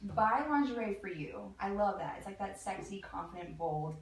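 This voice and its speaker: A woman, a lingerie designer and guest, telling animated stories in casual chat and laughing often. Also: medium pitch, moderate pace. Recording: echoey room, mic at a distance, faint noise.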